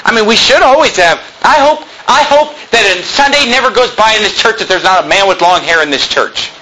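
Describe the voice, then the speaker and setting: A man's voice: high-pitched, expressive, brisk, sharp tone, a little hiss or hum, rough recording. A male pastor delivering a sermon in a plain-spoken, emphatic way, full of rhetorical questions.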